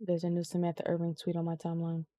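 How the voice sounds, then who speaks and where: A woman's voice: fairly low pitch, completely flat delivery, very fast, dark tone, no echo. Casual woman co-host, dry close sound. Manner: loose, profane, lots of filler ums. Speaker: podcast co-host. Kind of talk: casual wrestling chat.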